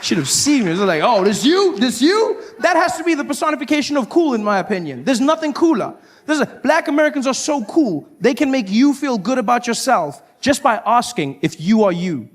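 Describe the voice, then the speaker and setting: South African comedian, high, animated delivery. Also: male voice, brisk, few pauses. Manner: animated storytelling, slipping into character voices. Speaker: stand-up comedian. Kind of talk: stand-up comedy performance. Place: live comedy venue with audience.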